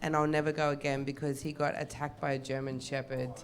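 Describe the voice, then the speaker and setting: A woman's voice: extremely low pitch, level tone, fast, slight background noise. A woman chatting on a live comedy panel, gushing and laughing easily.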